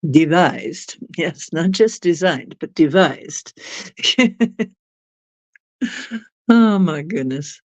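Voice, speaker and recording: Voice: medium pitch, very slow, pauses often, no room sound. A livestream host chatting casually with viewers, giggly and laughing often. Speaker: livestream host reading chat.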